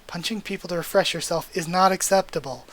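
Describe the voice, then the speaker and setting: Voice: medium pitch, quick pace, fairly bright tone, close to an everyday voice. A manga reader voicing an earnest, flustered young male student hero.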